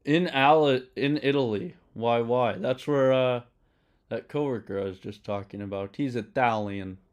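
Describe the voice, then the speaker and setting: Guy live coding on stream, muttering his code out loud, smooth clear voice. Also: medium pitch, measured pace, dull audio. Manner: thinks aloud, mutters code to himself. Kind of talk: casual live-stream commentary while coding.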